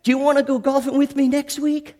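A man doing a loud, rough, brawling golfer. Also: very high-pitched, level tone, fairly quick, voice pushed up. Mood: excited. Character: rough angry male golfer, excitable, loud.

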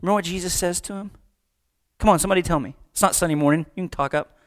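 Conversational male pastor, slightly high voice. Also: rapid-fire. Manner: conversational, joking, acts out voices. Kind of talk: sermon.

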